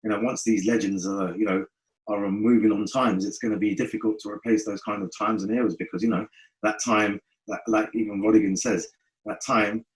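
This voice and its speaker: A man from North West London talks at a fast clip in a fairly low voice. He is the musician guest in a relaxed podcast chat, telling lively stories and dropping into patois as he quotes his friends. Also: rough recording. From North West London, England. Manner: animated storytelling, slips into friends' patois. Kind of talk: casual podcast interview.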